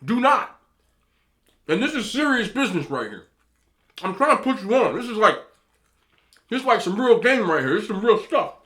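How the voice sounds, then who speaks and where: A man in his thirties eating on camera, giving emphatic, animated relationship advice to other men and telling stories in a casual chat. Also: high-pitched, moderate pace, long pauses. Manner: storytelling with repeated disapproving hums. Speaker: mukbang vlogger.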